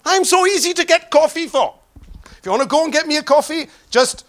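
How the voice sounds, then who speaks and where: A middle-aged man with a Welsh accent, a pastor preaching a sermon with humorous stories that swing from loud exclaiming to soft prayer. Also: very high voice, animated, a little fast.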